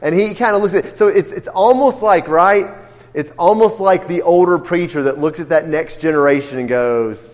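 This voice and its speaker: A man's voice: a little high, moderate pace, long reverb tail. A man teaching an interactive Bible class, asking the group questions and acting out what the characters say. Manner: questioning, emphatic, acts out quotes.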